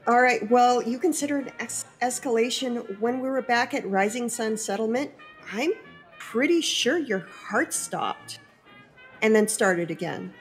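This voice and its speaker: A woman takes part in a tabletop game, talking in character. Her voice sits a little high and her delivery is brisk and sardonic. Faint music runs underneath. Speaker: player.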